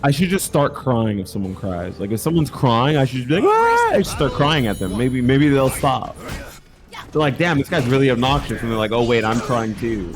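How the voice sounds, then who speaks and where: A man doing casual, jokey esports commentary on a fighting game tournament, excitable and full of swearing. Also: medium pitch, brisk.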